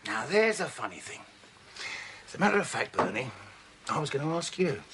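A sardonic ex-cop. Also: male voice, a little high, big pitch swings, fairly quick. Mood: teasing. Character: tough ex-cop, sardonic and bullying. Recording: noisy TV drama soundtrack.

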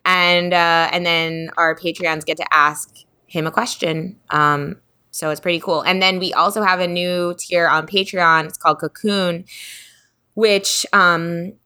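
A chatty woman co-hosting a podcast, her voice bright and ringing but sitting fairly low. She talks casually, laughs a lot and gets animated when she tells a story. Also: unhurried, smooth. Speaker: podcast co-host. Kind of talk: casual chat.

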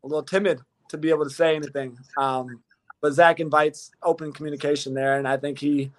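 A man's voice: a little high, steady tone, fairly quick. A young man in his twenties, a pro football player guest, talking earnestly in a rambling way with many restarts. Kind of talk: casual interview talk.

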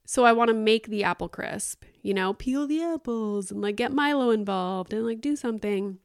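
A woman's voice: a little high, normal speed, clear, resonant tone, no echo, clean studio sound. A woman in her thirties from Canada, hosting a casual solo podcast and telling a rambling, exasperated story full of "like" fillers. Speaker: podcast host.

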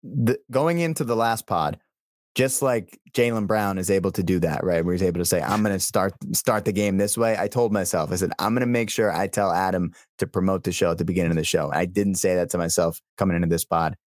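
Low-voiced male co-host, dry close recording, easygoing storyteller, stumbles over words. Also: fairly quick, no room sound. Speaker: podcast co-host. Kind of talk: casual sports podcast chat.

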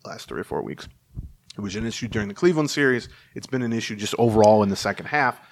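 A man co-hosting a casual talk podcast, telling stories in an animated way and laughing often. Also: lowish voice, fast talker. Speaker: podcast co-host. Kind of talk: casual chat.

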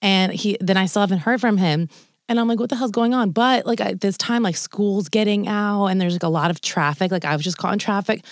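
A young woman co-hosts a casual podcast and tells a long story in a chatty, animated way. She acts out what people said, swears and laughs along the way. Her voice is close and dry, in the middle of the female range. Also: mid-range voice, fairly quick, no echo. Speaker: podcast co-host. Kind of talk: casual chat, long anecdote.

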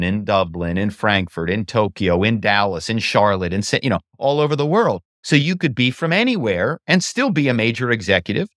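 A middle-aged man, a guest in an interview, telling stories about his work in a lively conversational way with frequent "you know" asides. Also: lowish voice, dry recording, studio quality. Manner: animated storyteller, many "you know" asides. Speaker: guest, former actor and corporate spy.

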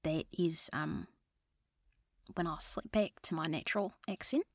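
A woman's voice: deep voice, measured pace, dry recording, studio quality. A woman playing a suspicious former FBI agent who now leads a mothers' group, talking in a conspiratorial way that often drops to a whisper. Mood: musing. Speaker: improv guest. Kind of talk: improvised comedy character.

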